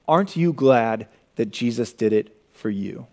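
A young adult man preaching a sermon, swinging from loud, emphatic lines to hushed, low passages. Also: expressive, measured pace. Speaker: pastor.

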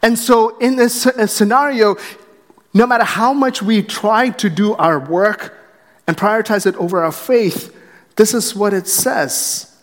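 A man's voice: sits high, measured pace, big-room sound. A pastor preaching a sermon in an earnest way, acting out short quotes and restarting his phrases as he goes. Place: church sanctuary.

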